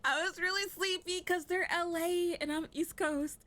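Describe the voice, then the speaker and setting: Bright chatty woman hosting a panel. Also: very high voice, fairly even intonation, normal speed. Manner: chatty, laughs often, many "like" fillers. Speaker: panel host. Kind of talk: casual panel chat.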